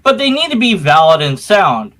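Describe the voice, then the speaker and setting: Teasing male debate commentator, dry wit, bright and lively voice. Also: a little high, moderate pace. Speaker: video creator responding to arguments.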